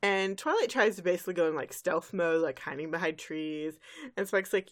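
A woman co-hosts a podcast and retells an episode in a chatty, animated way. Her voice sits a little low. She slips into quick acted quotes and keeps it casual. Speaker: podcast co-host.

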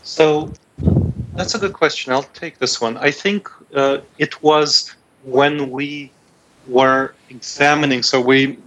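A man's voice: mid-range voice, a bit bright, dull audio. Man, guest author, eager, restarts sentences, casual interview.

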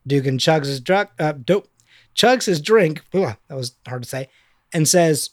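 A man casually recapping a film scene, playfully reading out the dialogue in quick voices. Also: on the high side, lively intonation, no echo, studio quality.

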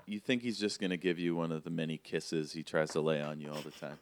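A man with a deep voice runs a tabletop role-playing game as the game master, speaking fairly quickly. He describes the scene in a relaxed, conversational way, with plenty of filler words.

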